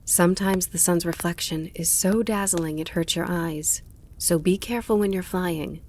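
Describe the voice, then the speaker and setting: A woman's voice: on the low side, steady tone, moderate pace, darkish tone, natural voice. A woman voicing a caring witch mother explaining flying dangers patiently, in an audiobook. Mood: instructive.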